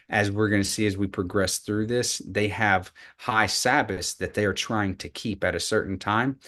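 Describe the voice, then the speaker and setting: A man with a lowish voice teaches scripture in a live online study group. He talks in halting bursts, repeating words as he gathers his thoughts. When he reads the ancient text aloud, he leans on key words with emphasis. The sound comes through a video call. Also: a bit bright. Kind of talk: live online Bible study lesson with slides.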